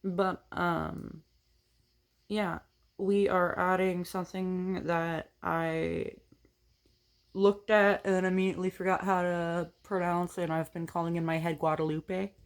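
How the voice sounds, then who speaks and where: A woman's voice: on the low side, little pitch movement, unhurried. A woman chatting casually while doing her makeup at home, rambling with lots of ums and self-corrections. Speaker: makeup vlogger. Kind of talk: casual get-ready-with-me chat. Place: home, on a couch.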